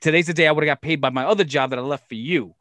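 Profane, animated man telling a story. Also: a little high, racing, no echo. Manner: profane, animated storyteller who acts out quotes. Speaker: interview guest. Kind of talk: casual storytelling.

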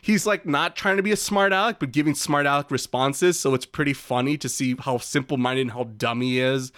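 A man's voice: medium pitch, brisk, fairly bright tone, smooth, dry recording, clean studio sound. A man co-hosting a podcast in casual chat, rambling and joking with the odd swear word. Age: adult who calls himself old. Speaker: podcast co-host.

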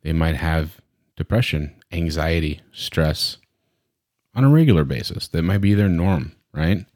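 A man's voice: rumbling low, unhurried, no echo, studio quality. A man who works as a medical practitioner, talking casually and jokingly in a podcast conversation. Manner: animated, joking, acts out patients.

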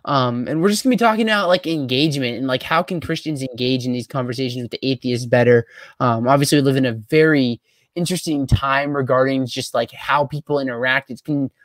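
A man's voice: medium pitch, brisk, dry recording. A young man hosting a podcast, chatting casually and upbeat, with many "um" and "like" fillers. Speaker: podcast host. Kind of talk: casual interview chat.

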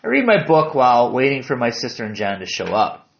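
A man with a southern Lower Peninsula Michigan accent, narrating a hiking memoir in a calm, descriptive way. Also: a little fast, gravelly, dull audio.

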